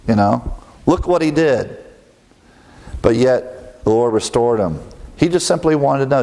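Conversational American preacher, jokes often. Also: male voice, mid-range voice, sing-song, measured pace, creaky, darkish tone. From American Midwest. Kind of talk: sermon with humor.

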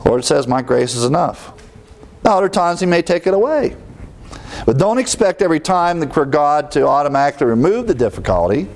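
A man preaching a sermon, acting out quick inner voices with sighs and exclamations. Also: fairly high pitch, very animated, darkish tone. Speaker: pastor.

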